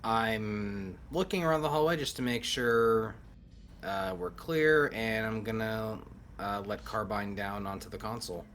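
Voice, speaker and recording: A man taking part in a tabletop game as a player, calm and encouraging as he talks others through a tense moment. His voice is fairly low, with a faint hiss of background noise behind it. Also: a little slow.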